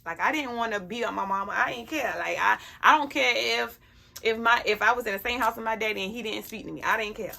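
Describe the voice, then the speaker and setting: A woman's voice: a little high, fast talker, creaky, bright, forceful tone. A woman talking bluntly and emphatically to her camera about being a parent, often checking in with her listener. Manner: blunt, emphatic, keeps asking "you know what I'm saying". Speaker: parent sharing life advice. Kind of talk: casual personal vlog talk.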